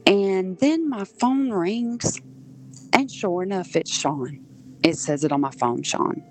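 A woman's voice: mid-range voice, slow, slight background noise, poor audio. A woman from southern Georgia, a podcast guest, earnestly recounting events step by step. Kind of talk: personal storytelling.

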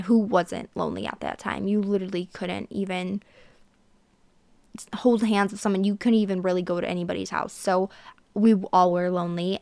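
A woman's voice: medium pitch, darkish tone, no room sound. A woman in her twenties hosting a podcast, chatting casually and sarcastically and talking straight to her listeners. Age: 20s. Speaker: podcast host. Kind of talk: casual chat monologue.

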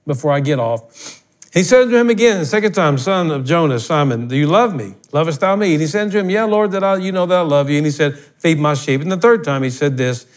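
An older man preaching a sermon as pastor, talking in a folksy, blunt way that swells into emphatic outbursts. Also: a little high.

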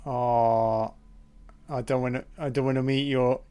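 Man, film commentary, slow unhurried delivery, smooth clear voice, profane. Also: mid-range voice, level tone, mellow. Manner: profane, reactive running remarks. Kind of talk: casual audio commentary.

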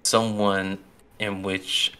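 A man's voice: sits low, flat delivery, extremely slow, sharp tone. A young man co-hosting a casual chat podcast, speaking hesitantly with many fillers and restarts. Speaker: podcast co-host.

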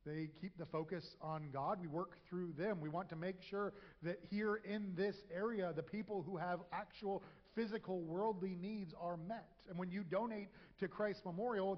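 High-voiced man preaching in an echoey church. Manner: conversational, acts out quoted voices with humor. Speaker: pastor. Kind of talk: sermon. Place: church sanctuary. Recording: echoey hall, dull lo-fi sound.

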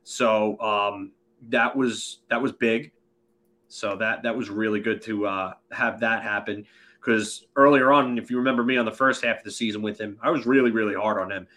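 A man's voice: fairly low pitch, steady tone, moderate pace, pushed and bright. A man co-hosting a casual sports podcast, rambling with many fillers and restarts. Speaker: podcast co-host.

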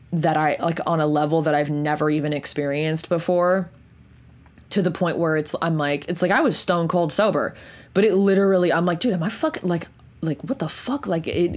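A young woman candidly telling a personal story, rambling and profane, full of "like" fillers, slowing down and going quiet on the intense parts. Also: low-pitched. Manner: slows and drops to near whisper on intense moments. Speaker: podcast host.

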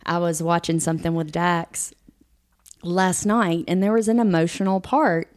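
Female co-host, somewhat low voice, conversational and affirming. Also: steady tone, moderate pace. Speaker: podcast co-host. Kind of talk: casual chat.

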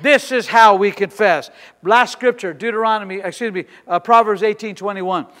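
Preaching pastor, a man with a high, bright, forceful voice, emphatic declarations, long church-hall reverb. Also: normal speed. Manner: loud, emphatic declarations with congregation. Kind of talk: sermon.

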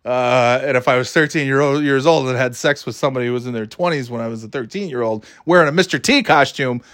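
A man delivering a profane, animated comedic rant about a movie, jumping into character voices. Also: mid-range voice, fast talker. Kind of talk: stand-up style comedic rant.

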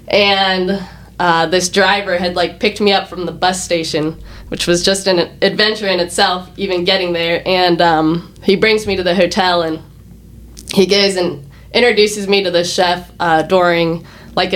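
A woman's voice: fairly low pitch, a bit bright. Chatty young woman telling stories. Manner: chatty storytelling, frequent "like" and laughter. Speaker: podcast guest, chef. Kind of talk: casual interview chat.

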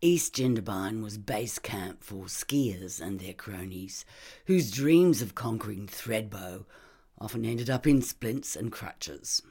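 A hushed voice reads first-person crime fiction at an unhurried pace. The tone is husky and breathy, often sliding toward a whisper. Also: medium pitch, expressive. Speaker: audiobook reader.

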